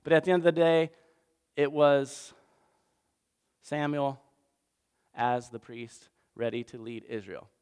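A man's voice: mid-range voice, steady tone, takes it slowly, pauses often, darkish tone, smooth. A man preaching a casual sermon recap in a conversational, self-deprecating way, acting out little voices. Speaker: pastor.

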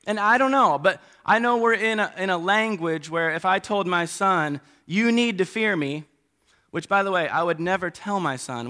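Delivering a sermon, this middle-aged preacher speaks with a voice that sits high. His animated style alternates booming emphasis with softer asides.

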